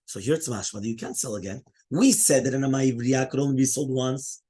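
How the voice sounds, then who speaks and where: Teaching a Talmud class, this rabbi talks fast in a warm, mid-range voice with a breathy edge. He explains things one step at a time, answers his students' questions, and often asks "right?" to make sure they follow.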